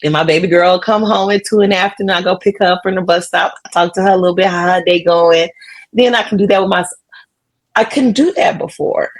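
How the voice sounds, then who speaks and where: Earnest low-voiced woman guest. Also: fast talker. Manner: heartfelt, earnest and reflective. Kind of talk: casual interview.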